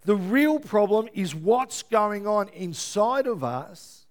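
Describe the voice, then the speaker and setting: A man preaching a sermon as pastor, lively and often checking in with his listeners. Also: high voice, slow. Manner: lively, keeps checking in with the congregation.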